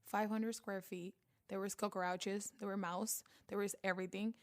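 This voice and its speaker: Lively woman with a Spanish accent. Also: mid-range voice, normal speed. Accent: Panamanian Spanish. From Panama. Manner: animated storyteller, acts out quoted voices. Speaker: guest, beauty vlogger. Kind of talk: casual interview.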